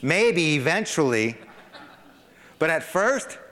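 Animated preacher in a reverberant hall. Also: male voice, slow pace. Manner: animated, acts out parents and toddlers with rising pitch. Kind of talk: sermon.

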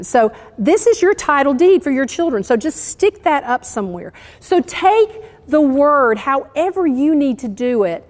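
A woman's voice: high-pitched, big pitch swings, measured pace, in a large hall. A woman giving an earnest, encouraging sermon in church. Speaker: church speaker. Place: church sanctuary.

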